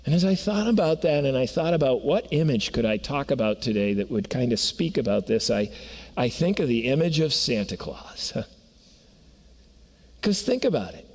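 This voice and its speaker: A man's voice: mid-range voice, animated, moderate pace, darkish tone, breathy edge. A man preaching a sermon in a church sanctuary, telling stories earnestly and building to emphatic peaks. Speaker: pastor. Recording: long reverb of a church hall.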